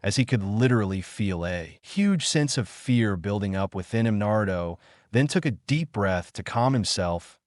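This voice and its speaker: Male narrator, low register, dry close sound, even scripted storytelling. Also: dry recording.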